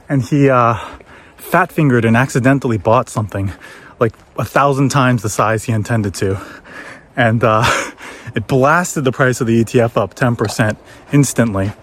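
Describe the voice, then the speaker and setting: A man speaking casually on a forest trail, his voice at a middle pitch. He tells an animated story while walking. He slips into high, exaggerated voices for the people he quotes. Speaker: former trader telling a story.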